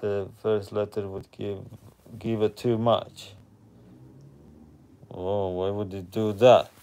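Slow-talking, laid-back male streamer. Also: lowish voice, slight background noise. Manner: relaxed, chatty, reading out viewer comments. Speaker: live stream host. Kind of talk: casual live chat with viewers.

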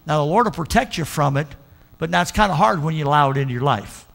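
Older preacher, emphatic swings. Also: male voice, fairly high pitch, animated, fast talker, vocal fry, fairly bright tone. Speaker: pastor. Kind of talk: sermon.

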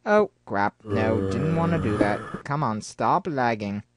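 A man giving rambling gameplay commentary, talking to himself with excitable outbursts. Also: on the low side, a little slow, very noisy. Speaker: let's play host.

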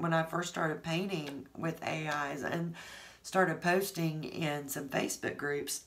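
Woman, teary and choked up, halting heartfelt thanks, raised pitch. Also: fairly bright tone. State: teary, voice shaking with emotion. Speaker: art channel host.

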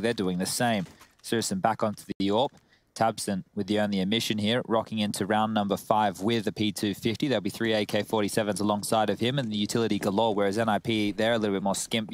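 A man commentating esports, calling the action and breaking down plays in a steady, analytical way with dry jokes. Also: fairly low pitch. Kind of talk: live esports play-by-play and analysis.

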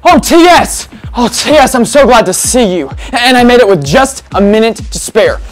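A frazzled adventurer host, played by a woman in a children's church skit. Her voice swoops lively up and down as she exclaims. She sounds excitable. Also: a little high, moderate pace, faint music behind, close to an everyday voice. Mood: frantic. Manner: frantic, exclamatory.

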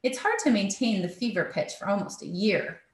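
A woman's voice: mid-range voice, animated, moderate pace, lightly acted. A woman voicing a frank, wry pregnant teacher who speaks bluntly and matter-of-factly, read in a storybook style. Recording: roomy echo.

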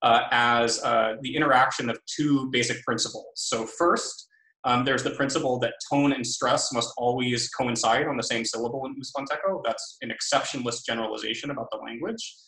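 A man giving an academic linguistics talk over a video call, measured and full of ums and uhs, his phrases trailing off. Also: medium pitch, pushed and bright. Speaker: linguistics lecturer. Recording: roomy echo.

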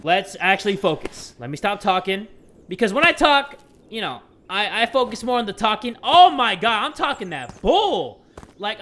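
A young man giving joking let's-play commentary, excitable and crude, with sudden loud outbursts. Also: high-pitched, slight background noise. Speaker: gaming YouTuber.

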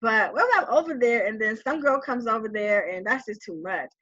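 A woman with a high, bright voice tells a personal story, full of laughter and voiced-out conversations. The sound is a bit muffled and lo-fi. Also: normal speed. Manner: animated, laughing often, acting out quoted voices.

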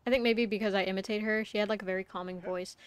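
A woman's voice: medium pitch, steady tone, racing, clean tone, no echo. A young woman streaming a climbing game, chatting casually and rambling to her viewers, swearing when she gets frustrated. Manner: talks to chat while playing. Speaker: VTuber streamer. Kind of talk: casual gameplay livestream chat.

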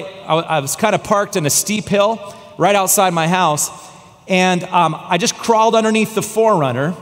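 A high-pitched man delivers a sermon from the pulpit, spinning a personal story with dramatic pauses. His voice slows and drops low for the tense parts. The sound carries the long reverb of a church sanctuary. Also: a bit bright. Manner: dramatic, slowing and dropping low for tense moments. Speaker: guest pastor.

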